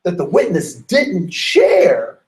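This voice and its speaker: Animated man giving a workshop talk. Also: sits high, slow, low-quality recording. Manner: animated storyteller acting out voices, asks the audience questions. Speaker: diversity trainer. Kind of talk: workshop lecture.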